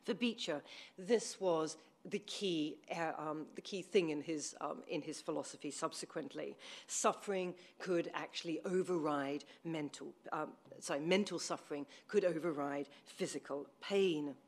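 A woman's voice: sits low, a little slow. A woman giving a history lecture to an audience, reading from her notes, with frequent ums and self-corrections. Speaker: academic lecturer. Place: room with an audience.

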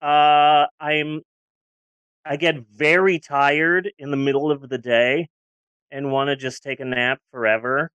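A woman's voice: low-pitched, fairly even intonation, a little slow, fairly bright tone, smooth, no echo. A woman in her forties chatting candidly on a podcast, rambling a little and restarting her sentences. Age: 40s. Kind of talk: casual podcast chat.

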